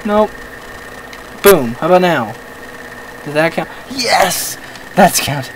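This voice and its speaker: A man hosting a let's-play, giving excitable commentary, often yelping at the game, with self-mocking rambling asides. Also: high-pitched, slow pace, long pauses, crowd noise, poor audio. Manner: excitable, yelps and shouts at the game. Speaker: gaming channel host.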